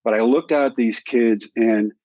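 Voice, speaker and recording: A man around sixty, a guest in a sit-down conversation, tells a personal story with animation, acting out the quoted dialogue. He speaks at a moderate pace in a mid-range voice, on a dry, slightly dull recording with no echo.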